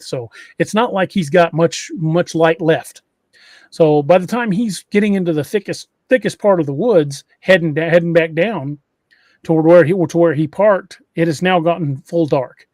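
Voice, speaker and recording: A man's voice: fairly high pitch, darkish tone, no echo, studio quality. A man hosting a podcast, retelling an eerie encounter story in a casual way, often restarting phrases. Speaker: podcast host.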